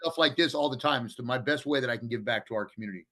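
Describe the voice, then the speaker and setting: Male podcast guest, candid storyteller, profane and unpolished, sharp and forceful tone. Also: medium pitch, very fast. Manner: blunt and profane, with frequent restarts. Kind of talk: candid storytelling in a casual interview.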